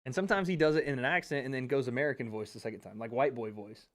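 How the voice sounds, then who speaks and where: Speaking very fast at a medium pitch, a man runs a casual livestream watch party, joking around and cursing as he chats into a dynamic mic for live commentary.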